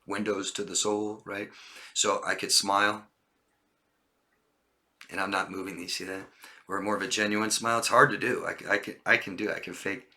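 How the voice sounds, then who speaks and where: A man's voice: lowish voice, flat delivery, moderate pace, long pauses, pushed and bright. A man coaching on body language in a casual talk to camera, acting out short lines from liars to show them. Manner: demonstrative, acts out liars' lines in a raised voice.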